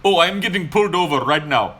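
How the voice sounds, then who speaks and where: Man putting on a flustered, high-pitched ride driver. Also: animated, quick pace, sharp tone. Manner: apologetic, repeats "sir". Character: flustered, overly polite male rideshare driver.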